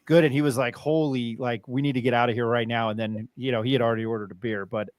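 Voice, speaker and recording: Man, podcast host, from new mexico, rambling casual storytelling, lots of fillers, middle pitch, dry close sound. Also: fairly even intonation, fast, no room sound. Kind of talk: casual chat.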